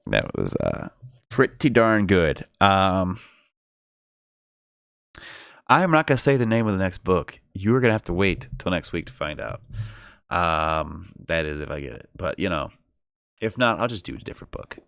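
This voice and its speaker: A man reading a novel aloud on a stream, then chatting casually in an animated, joking way and swearing freely. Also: low voice, moderate pace, gravelly, pauses often, clear, resonant tone, dry recording, studio quality. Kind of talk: storybook reading and casual chat.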